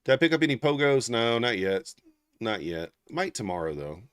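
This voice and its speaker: A man's voice: mid-range voice, sing-song, moderate pace, clear, resonant tone, dry recording, studio quality. A man hosting a live trading stream, thinking aloud in casual, half-murmured commentary. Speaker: trading livestream host.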